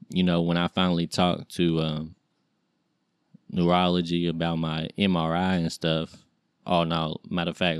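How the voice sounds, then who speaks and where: A man in his late thirties talks through his own story in a very deep voice. His delivery is loose and rambling, full of slang and fillers, and his pitch barely moves. The recording is dry and close, with no room sound. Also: clean tone, no room sound. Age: 30s. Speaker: podcast host. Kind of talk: casual personal storytelling.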